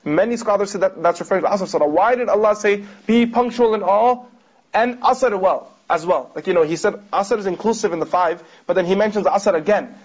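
A man's voice: high-pitched, fast talker, few pauses. A man teaching a religious class, explaining a read text and putting rhetorical questions to his listeners. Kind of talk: lecture commenting on a read text. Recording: dull lo-fi recording.

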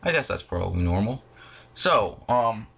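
Irritated young man ranting, bright voice. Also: on the low side, expressive, normal speed, vocal fry, slightly rough. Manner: irritated, profane, exclamatory. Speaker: video channel host. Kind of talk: angry movie rant. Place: at home, in front of a disc collection.

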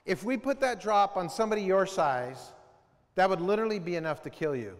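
A middle-aged man with a notably high voice addresses a room of students in a lively, storytelling way, quizzing them and acting out sounds. His voice carries long reverb from a large school hall. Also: a little fast. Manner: storytelling, asks the audience questions, mimics sounds. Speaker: school assembly speaker. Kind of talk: animated talk to students.

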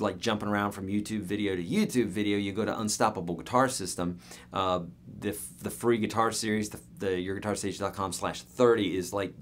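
Male guitar teacher, middle-aged, low-ish voice, casual and upbeat live-lesson delivery. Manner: upbeat, chatty, talks directly to viewers by name. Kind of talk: live-streamed guitar lesson answering viewer questions.

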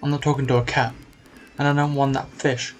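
A man's voice: mid-range voice, little pitch movement, fairly quick, slight background noise, lightly acted. A man voicing a young female game heroine, blunt and sarcastic, speaking in his everyday voice.

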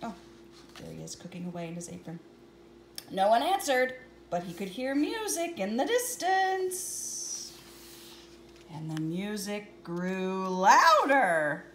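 A woman's voice: medium pitch, fairly bright tone, reverberant, slight background noise. Giggly woman reading a picture book. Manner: giggly, with chatty asides between pages.

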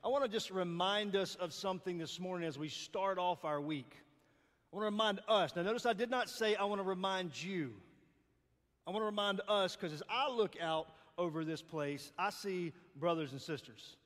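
A man in his forties with a Southern US accent, giving a playful, lively chapel sermon as guest speaker, joking and calling out to the crowd. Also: high voice, normal speed. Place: large hall. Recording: long hall reverb.

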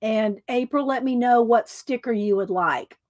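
A woman hosting a casual craft livestream, chatting to viewers by name with frequent ums and throat clearing. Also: a little high, moderate pace, darkish tone.

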